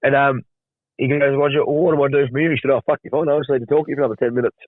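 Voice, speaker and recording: A man's voice: medium pitch, steady tone, rapid-fire, no echo, narrow, tinny audio. An Australian man hosting a podcast, telling crude, joking stories in casual chat. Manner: crude, storytelling banter. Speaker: podcast host.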